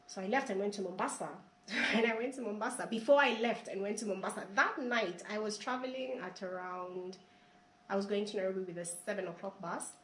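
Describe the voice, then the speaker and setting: Speaking fairly quickly in a mid-range, fairly bright voice, a woman recounts her own story in an interview with earnest feeling. She often repeats herself and rises as emotion builds. Roomy echo and faint hiss sit behind her.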